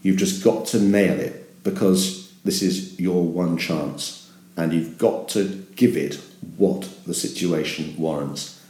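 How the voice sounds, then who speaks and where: A man's voice: low-pitched, fairly even intonation, slow, warm tone, roomy sound. A man, a sports broadcaster talking reflectively and emphatically in an interview, often repeating words as he starts a thought.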